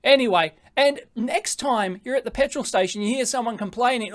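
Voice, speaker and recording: An Australian man giving an animated classroom presentation to high school students, joking and going off on tangents. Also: brisk, few pauses. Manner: animated, jokey, prone to tangents.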